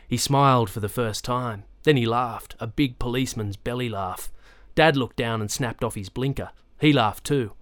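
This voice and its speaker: A man's voice: medium pitch, normal speed, fairly bright tone, no echo. Man narrating a story, dry close sound. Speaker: audiobook narrator. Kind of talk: scripted narration.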